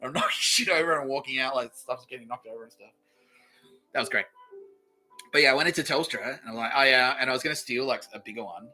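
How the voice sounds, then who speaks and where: A man with a very bright, cutting voice delivers a rambling comedic monologue, swearing freely. He lurches between loud outbursts and low mutters. Faint music sits underneath. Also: quick pace, poor audio. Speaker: podcast host.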